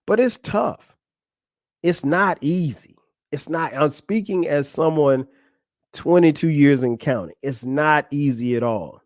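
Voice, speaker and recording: Pitched on the high side and a little slow, this forties-aged male podcast host gives frank, casual advice about marriage, laughing a lot as he addresses a friend directly. It's a dry, clean studio recording.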